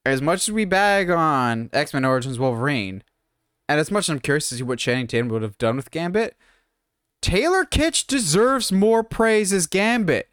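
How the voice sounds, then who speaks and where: A man co-hosting a podcast, his pitch swinging widely as he riffs and jokes. He talks in a casual chat, close to the mic in a dry, deadened space. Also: normal speed, clear, resonant tone, no room sound. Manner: animated, jokey, mimics others in quoted asides. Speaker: podcast co-host.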